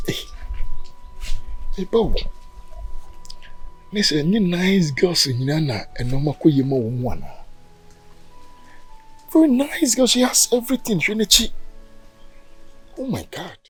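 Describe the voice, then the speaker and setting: Fields: a man playing a smooth-talking Ghanaian flirt. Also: high voice, sing-song, slow pace, pauses often, faint music behind, full character voice, rough recording. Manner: smooth-talking, reassuring, persistent. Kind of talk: Ghanaian drama acting, mixing Twi and English.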